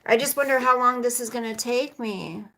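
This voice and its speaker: This mom vlogger in her forties talks briskly in a slightly high, creaky, somewhat bright voice, and the audio quality is poor. Chatty and rambling on her livestream, she answers viewer comments and calls her audience "you guys."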